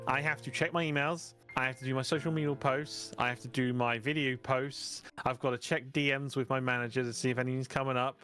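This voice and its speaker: Relaxed British man, playful guest. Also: mid-range voice. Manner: relaxed, playful, rambling with restarts. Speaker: guest VTuber. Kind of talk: casual interview chat.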